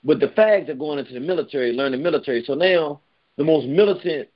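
A man hosting a heated call-in radio show, talking loudly and emphatically, close to yelling. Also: a little high, lively intonation, fast talker, dull audio. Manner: loud, emphatic, near yelling.

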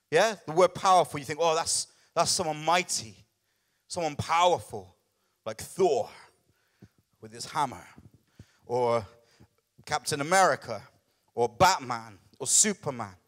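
A man preaching from the pulpit, his voice sitting a little high for a man. He talks in a chatty, animated way, keeps asking the congregation for agreement, and acts out small scenes as he goes. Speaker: lead pastor. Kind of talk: sermon.

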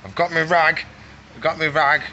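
A man's voice: a little high, fairly even intonation, moderate pace, pushed and bright, lo-fi sound, a little hiss or hum, pitched above the performer's own voice. A man voicing a smug pet lizard girl. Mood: smug, happy. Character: contented female pet lizard clutching her rag.

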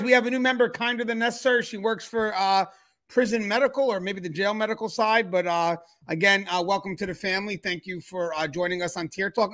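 A man's voice: sits high, a bit bright. A man hosting a live-streamed talk show, upbeat and chatty as he greets viewers and steers the panel. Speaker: show host.

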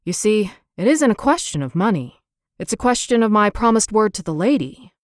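A woman's voice: medium pitch, sing-song, normal speed, no room sound, studio quality, natural voice. A woman voicing a polite, embarrassed middle-aged man who breeds dogs, in a storybook reading. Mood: uneasy. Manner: respectful, apologetic, plain-spoken.

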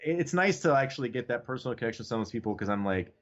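A man speaking as a podcast guest in a loose, rambling way, peppered with swearing and fillers. His voice sits in an ordinary middle pitch. The audio is dull and lo-fi. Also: expressive, very fast. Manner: loose, profane, fills speech with "like" and "you know what I mean". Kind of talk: casual chat.

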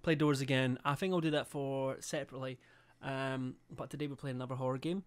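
A man's voice: mid-range voice, steady tone, fast, smooth. A young man livestreaming a game, chatting casually, swearing a lot and reading out chat and subscriber messages. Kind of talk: casual live-stream chat.

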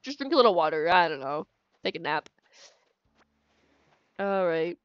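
A young woman streams a video game, her low-ish voice animated and moderately paced as she chats casually with her viewers and giggles between plays. Her tone is clean, though the dry recording sounds muffled, with faint game music underneath her gameplay commentary.

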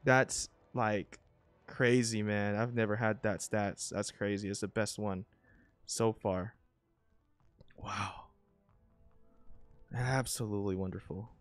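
A man casually commenting on his own gameplay, excitable and swinging between grumbling and thrilled. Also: fairly low pitch, slow, long pauses, no echo.

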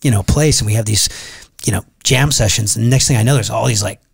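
A man's voice: on the low side, quick pace, creaky, breathy edge. A man hosting a podcast, asking questions in a casual, upbeat, enthusiastic way. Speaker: podcast host. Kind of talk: casual interview chat.

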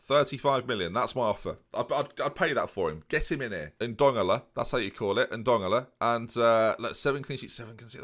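Lively man narrating a football game. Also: fairly low pitch. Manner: animated, joking, playful asides to viewers. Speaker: gaming commentator. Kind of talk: let's play commentary.

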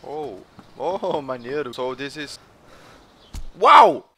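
A man from Brazil with a Brazilian accent, a gamer joking his way through gameplay commentary with playful teasing and sudden excited yelps. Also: mid-range voice, moderate pace, background noise. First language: Portuguese. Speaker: gamer hosting a let's play channel.

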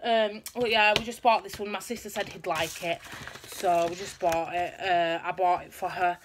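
A woman's voice: on the low side, steady tone, moderate pace. Chatty young woman, noisy home recording. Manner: chatty, rambling show-and-tell. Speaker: vlogger showing a haul. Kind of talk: casual chat.

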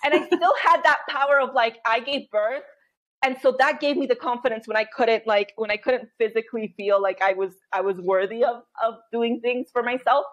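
A woman in her thirties, a podcast guest telling candid stories in an animated way, acting out her own inner voice and laughing often. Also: a little high, moderate pace, dull audio. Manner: animated storytelling, frequent laughter and quoted inner voice.

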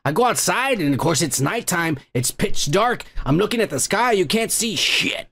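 Podcast host, male, high-pitched, profane rambling ranter. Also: very animated, moderate pace, vocal fry, bright, forceful tone, slightly rough. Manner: angry, swearing, rambling. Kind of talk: profane comedic rant.

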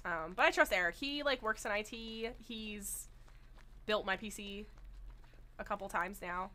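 A woman's voice: mid-range voice, a little slow. A woman streaming a horror game at a desk microphone, chatting casually and breaking into laughs and shrieks. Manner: excitable, laughs and shrieks often. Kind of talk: casual live-stream chat.

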